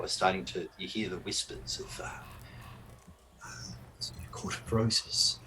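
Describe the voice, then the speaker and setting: A man narrating as game master of an online tabletop game, halting and full of restarts and fillers. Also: deep voice, slight background noise, low-quality recording. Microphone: online call mic.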